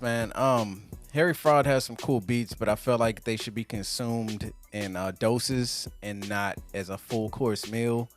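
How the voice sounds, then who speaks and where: A man co-hosting a podcast, giving blunt, opinionated album verdicts in casual chat. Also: on the low side. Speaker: podcast co-host.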